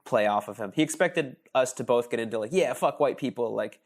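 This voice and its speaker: A man's voice: medium pitch, lively intonation, fairly quick. A young man guest on a casual podcast, telling stories in a rambling, hesitant way and laughing often.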